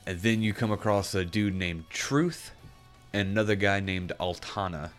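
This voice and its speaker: A man's voice: low-pitched, steady tone, moderate pace, a bit bright, soft background music. A man chatting casually as a podcast co-host, rambling and searching for words with frequent restarts. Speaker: podcast co-host reviewing a game. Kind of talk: casual chat.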